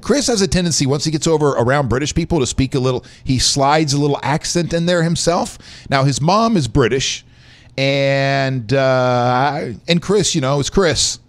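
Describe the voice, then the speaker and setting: A man's voice: medium pitch, moderate pace. A man hosting a live-streamed show, chatting loosely and joking with viewers. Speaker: show host. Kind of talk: casual live-stream chat.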